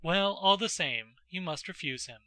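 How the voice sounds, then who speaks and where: A stern aristocratic mother of middle age, voiced by a male reader, curt and sarcastic. The tone is sharp and bright, and the reading is close and dry. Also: high voice, animated, moderate pace, no echo. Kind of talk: audiobook character voice.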